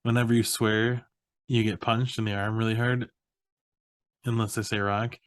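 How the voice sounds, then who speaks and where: A young man co-hosting a podcast, casually recapping a film in an animated way, acting out quotes and laughing often. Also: fairly low pitch, normal speed, no room sound, clean studio sound. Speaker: podcast co-host. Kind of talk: casual movie recap chat.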